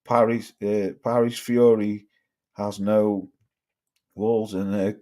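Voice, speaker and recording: A man's voice: lowish voice, flat delivery, slow pace, pauses often, mellow. Sweary northern English man reading chat. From northern England. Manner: sweary, laughs often, reads comments aloud. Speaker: livestream host reading chat. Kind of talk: casual livestream chat. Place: home, living in the Midlands.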